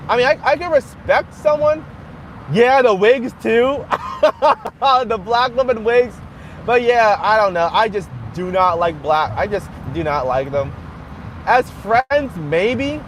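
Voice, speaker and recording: A man chats on a live stream from inside his car. His voice sits high and swings freely up and down as he rambles and laughs, with a faint hum of road noise underneath. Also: lively intonation, unhurried. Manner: rambling, chatty, laughs often. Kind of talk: casual live stream chat. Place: in a car while driving.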